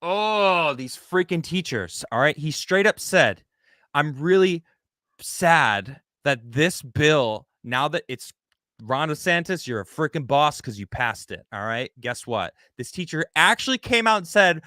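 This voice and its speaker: A male host speaks in a bright, forceful voice, heated and ranting as he comments. His delivery is full of quick restarts. The sound is dry and close, with no room around it. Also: a little high, lively intonation, no echo. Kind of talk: casual commentary chat.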